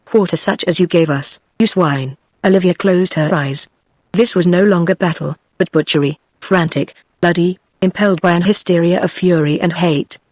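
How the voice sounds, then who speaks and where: A text-to-speech voice of a woman with a British English accent, reading an audiobook in a steady, even delivery. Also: fairly low pitch, dry recording, clean studio sound. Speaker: audiobook narrator. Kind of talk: synthetic audiobook narration.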